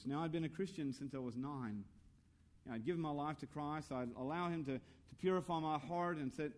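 An earnest male pastor preaching with a slightly high voice. He leans into rhetorical questions and personal stories, lifting his voice for emphasis. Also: a little fast, a little mellow. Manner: storytelling about his own youth. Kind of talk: sermon.

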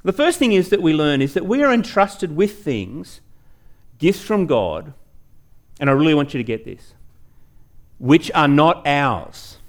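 Pastor guy preaching, emphatic, talks straight to the congregation w questions, pitch jumps all over. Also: big pitch swings. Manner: emphatic, slows down to stress key words; rises and falls sharply in pitch and loudness. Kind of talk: sermon.

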